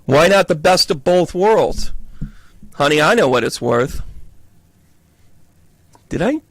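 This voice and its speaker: Brief: male medium, Southern US accent, higher-pitched and gravelly, joking through a live card reading, dry close sound. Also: dry recording. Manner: chatty, playful, joking asides. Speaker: psychic medium reading tarot for viewers.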